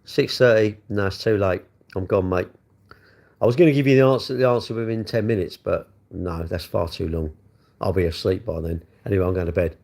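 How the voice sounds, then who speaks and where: A man's voice: low voice, fairly quick, gravelly, a little mellow. A middle-aged man chatting loosely and self-mockingly on a late-night livestream from his bedroom, talking into his phone. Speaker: livestream host.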